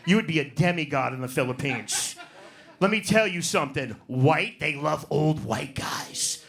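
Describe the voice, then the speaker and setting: A man's voice: a little high, expressive, normal speed, gravelly, a bit bright. A man doing a profane, brash stand-up set in a comedy club, working the crowd. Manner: profane, brash, riffs on audience.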